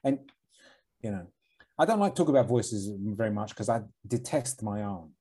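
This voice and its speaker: A man's voice: lowish voice, animated, moderate pace, dark tone, slightly rough. A young man with a Cockney accent, co-hosting a podcast in blunt, sweary, mumbly casual chat. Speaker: podcast co-host.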